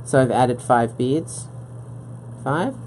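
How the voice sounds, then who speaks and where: A woman's voice: very deep voice, lively intonation, slow pace, darkish tone, slight background noise. A woman beading instructor on a live craft stream, explaining each step patiently and often checking in with "okay?". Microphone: live-stream setup at a work table.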